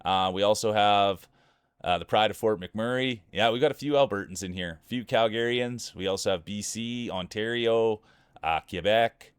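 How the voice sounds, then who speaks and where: On his live stream, a Saskatchewan man with a Canadian accent calls marble races in an energetic announcer style, bantering with viewers in chat. He speaks smoothly at a normal speed in a fairly low pitch, and the studio-quality audio has no echo.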